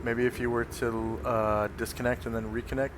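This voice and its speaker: A man's voice: medium pitch, level tone, moderate pace, background noise. A man running a tabletop game as game master, speaking hesitantly with many fillers.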